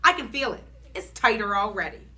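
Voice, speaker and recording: A woman voicing a loud, excitable first-grade girl who shrieks and carries on dramatically. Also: medium pitch, brisk. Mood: insistent.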